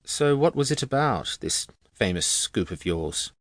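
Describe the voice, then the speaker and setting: A man voicing an inquisitive young woman who is a bit religious and drily sarcastic, pitched well above his own voice. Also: sing-song, measured pace, no echo, studio quality. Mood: curious.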